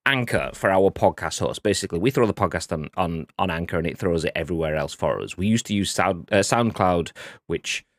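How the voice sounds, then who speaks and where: A man's voice: low-pitched, fairly quick, dry recording, studio quality. A man co-hosting a video game podcast, joking and bantering casually and swearing freely. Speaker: podcast co-host. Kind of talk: casual live-stream chat.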